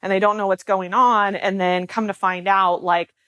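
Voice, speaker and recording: A woman's voice: medium pitch, fairly even intonation, normal speed, a bit bright, dry recording. A woman life and mindset coach explaining her work in a casual, chatty way, full of filler words. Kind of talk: casual explanatory talk to camera.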